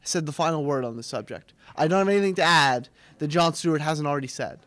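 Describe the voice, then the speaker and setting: A young man hosting a casual live student TV segment, joking and mock-pompous with quick asides. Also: on the high side, fairly bright tone, no room sound. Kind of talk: casual live-stream banter. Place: small studio room.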